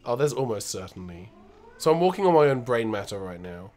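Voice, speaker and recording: A man's voice: medium pitch, very animated, a little fast, darkish tone. A man co-hosting a retro video game show, casually commenting while he plays, rambling and knowledgeable. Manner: rambling, knowledgeable, many restarts. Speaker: co-host playing retro games.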